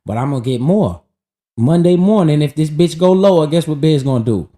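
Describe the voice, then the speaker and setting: A man's voice: fairly high pitch, lively intonation, a little fast, dark tone. A man streaming live, casually talking about investing in a profane, hyped and preachy way.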